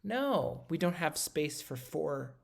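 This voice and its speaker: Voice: medium pitch, very animated, slow pace, creaky. A music instructor gives a recorded lesson, talking casually and patiently while drawing notation, with many ums and self-corrections.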